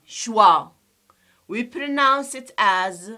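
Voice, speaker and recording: Slow, bright-voiced woman teaching pronunciation. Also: mid-range voice, sing-song. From Algeria. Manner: slow and deliberate, repeats sounds for students, switches to Arabic to explain. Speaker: English teacher. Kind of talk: classroom pronunciation lesson.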